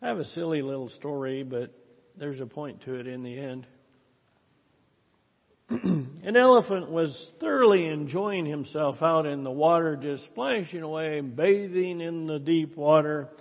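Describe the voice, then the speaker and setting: A man's voice: on the high side, a little slow, vocal fry. A man preaching a sermon that ends in prayer, with an earnest, exhorting manner. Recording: dull recording in a reverberant hall.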